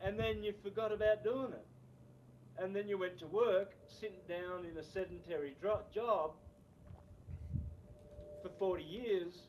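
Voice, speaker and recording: A man in his sixties, a podcast guest telling rambling, animated anecdotes. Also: sits high, slight background noise. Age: 60s. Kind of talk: casual storytelling interview.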